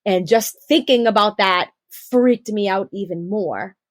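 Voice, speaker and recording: A young adult woman telling her personal birth story on a podcast, animated and acting out the quotes. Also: mid-range voice, unhurried, no room sound. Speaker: podcast guest.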